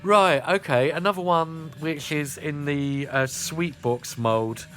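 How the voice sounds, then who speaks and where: Taking it slowly, a South East England radio host with a Kent and Sussex accent chats casually between songs, using plenty of "uh." His voice is highish and a bit bright, with faint music behind him.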